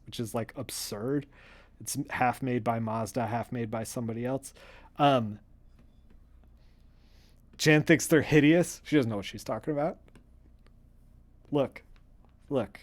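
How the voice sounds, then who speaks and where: A man streaming as he colors comic art, chatting casually in a rambling, excitable way with many fillers. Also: medium pitch. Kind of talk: casual livestream chat.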